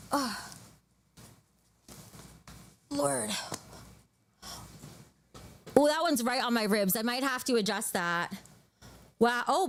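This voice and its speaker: A woman's voice: high-pitched, slight background noise. A woman hosting a casual livestream, talking to her chat in a crude, joking, bubbly way, sometimes out of breath. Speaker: livestream host.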